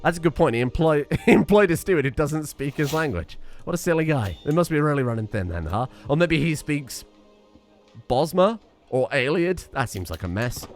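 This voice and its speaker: A man's voice: a little high, animated, normal speed, soft background music. A man giving casual commentary while playing a strategy game, thinking aloud and adding wry asides. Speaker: let's play streamer.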